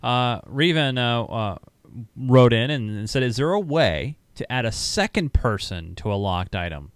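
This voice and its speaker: A man's voice: medium pitch, very animated, a little slow, clear, resonant tone, dry recording. A man co-hosting a casual gaming show from his home studio. He reads viewer questions, laughs often and repeats himself. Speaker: show co-host.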